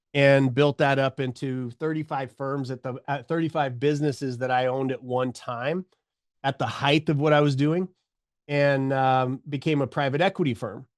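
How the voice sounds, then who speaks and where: A middle-aged man telling his story as a podcast guest, animated, acting out the voices of people he quotes. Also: medium pitch, no echo, clean studio sound.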